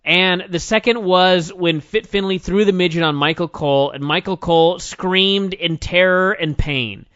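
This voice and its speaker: A man's voice: high voice, moderate pace, hardly any pauses, a bit bright, clean tone, dry recording, dull audio. A man co-hosting a casual wrestling review podcast, ranting with sarcasm and a lot of swearing. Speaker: podcast co-host.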